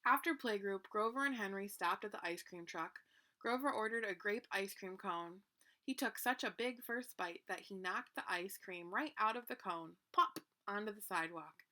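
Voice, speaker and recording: A woman reading a children's picture book aloud with expressive narration. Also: medium pitch, moderate pace. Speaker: reader. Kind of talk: children's storybook read-aloud.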